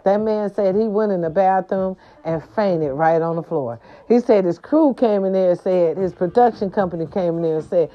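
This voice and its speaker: A woman hosting her own show dishes on celebrity gossip in a mid-range voice, speaking at normal speed with few pauses. She's casual and sassy, throwing in slangy asides. The sound is dull and lo-fi, with faint music.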